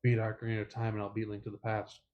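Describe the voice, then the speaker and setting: A man's voice: on the low side, monotone, rapid-fire, muffled recording. Playful, teasing young man co-hosting. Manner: playful, teasing, puts on voices in anecdotes. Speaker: podcast co-host. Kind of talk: casual chat.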